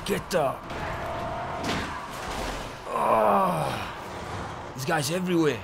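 Excitable male game commentator, gravelly voice, unhurried delivery. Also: a little high, background noise. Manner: excitable, whooping cheers. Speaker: gaming commentator.

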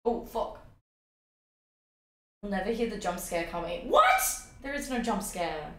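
A woman's voice: medium pitch, expressive, unhurried, a little mellow, roomy sound. A woman streaming a game live, chatting and swearing freely with her chat and sing-songing greetings, her voice a bit worn out.

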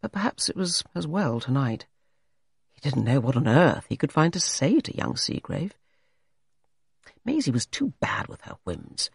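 Expressive male narrator, lively pitch. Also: slightly rough, dry recording, studio quality. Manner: expressive, dramatic reading. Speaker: audiobook narrator. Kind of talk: scripted narration.

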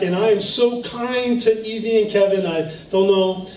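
A man with a high voice preaches a sermon in a church, telling personal stories with laughter. The sound is roomy and echoey, caught from a distance with faint noise behind. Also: moderate pace, soft background music. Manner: storytelling, animated, with laughs. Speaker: pastor. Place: church sanctuary.

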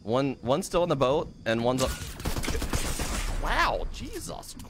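A man's voice: mid-range voice, moderate pace, noisy background. A man streaming a game live, swearing freely and greeting his chat by name.

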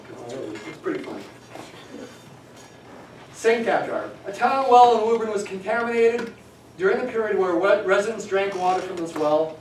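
Picked up from across an echoey classroom, this middle-aged man's high-pitched voice comes with a little hiss or hum. He's lecturing on statistics, wandering off on tangents and dropping dry jokes along the way.

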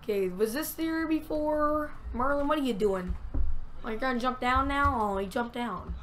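A woman with a high, bright voice runs through a let's-play, chatting to herself about each move. She is talkative and easily excited, and a faint hiss sits under the recording. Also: moderate pace. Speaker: gamer.

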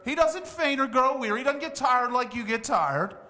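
A man's voice: very high-pitched, lively intonation, moderate pace, sharp tone. A man in his sixties preaching a sermon as pastor, in a conversational, emphatic way with asides. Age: 60s. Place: church sanctuary. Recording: church hall reverb.

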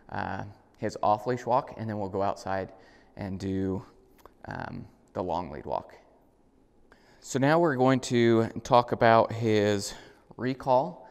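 Man explaining dog training, reverberant room. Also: clear, resonant tone. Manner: plain step-by-step explaining, with high praise bursts to the dog. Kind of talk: instructional demonstration. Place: indoors at a home, moving outside.

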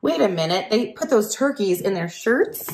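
A woman's voice: mid-range voice, lively intonation, moderate pace, darkish tone. Chatty woman reading aloud to kids. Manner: chatty, asks listeners questions, laughs often. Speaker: teacher reading to children. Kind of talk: picture-book read-aloud.

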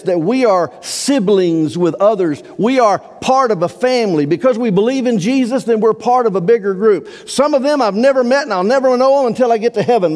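Male pastor, high-pitched voice, earnest preaching style, long church-hall reverb. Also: a little mellow. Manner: earnest, emphatic preaching with drawn-out key words. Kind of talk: sermon. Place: church sanctuary.

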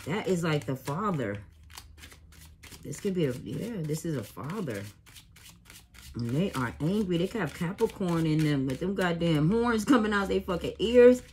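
A woman's voice: lowish voice, animated, normal speed, a little mellow, a little hiss or hum. A woman doing a casual tarot reading, profane and exclaiming, with frequent laughter. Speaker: tarot reader.

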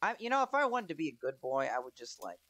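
Young male gamer, gravelly tone, close dry sound, chatty and foul-mouthed let's-play commentary. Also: medium pitch, very animated, quick pace, fairly bright tone, dry recording. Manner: chatty, swears, talks to himself. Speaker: gaming commentator.

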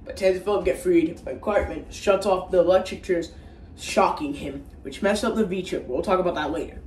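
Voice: mid-range voice, fairly quick, far from the mic, a little hiss or hum. Rambling, profane movie-recap voice in an echoey room. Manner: rambling, crude and profane, with restarts. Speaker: movie reviewer. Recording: roomy echo, faint background ambience.

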